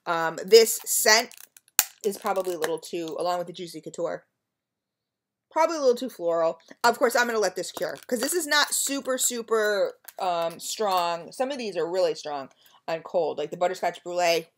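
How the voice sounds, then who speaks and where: A woman's voice: fairly low pitch, expressive, moderate pace, a little hiss or hum. A woman reviewing scented wax melts in a casual home vlog, chatty and gushing, talking straight to her viewers with frequent ums.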